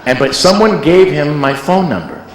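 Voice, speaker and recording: Rambling, joking music producer, echoey hall. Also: male voice, fairly high pitch, normal speed. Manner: rambling, animated storyteller, joking. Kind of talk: casual interview chat.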